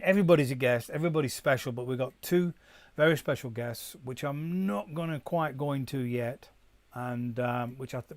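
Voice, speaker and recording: A man's voice: medium pitch, no room sound. A middle-aged man, a musician hosting his own live stream, chatting in a rambling way and reading out viewer comments. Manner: rambling, reads chat comments aloud, drops into German. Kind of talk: casual live-stream chat.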